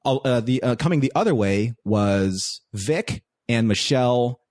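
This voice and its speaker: A man, a guest on a podcast, telling stories in casual chat with animated delivery. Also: medium pitch, measured pace, dry recording, studio quality. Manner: animated storytelling.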